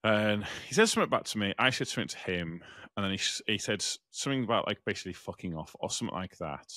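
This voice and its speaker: A British man co-hosting a podcast, telling a story in casual chat, animated and swearing freely. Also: lowish voice, quick pace, dry recording, studio quality. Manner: animated, swears freely, acts out other voices. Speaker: podcast co-host.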